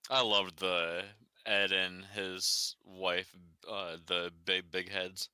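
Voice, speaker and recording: A man's voice: sits low, little pitch movement, sharp tone, smooth, dry recording. A man playing at a tabletop game, joking and blurting out asides. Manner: jokey, quick to laugh, blurts out asides. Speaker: player. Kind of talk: casual chat at a tabletop game.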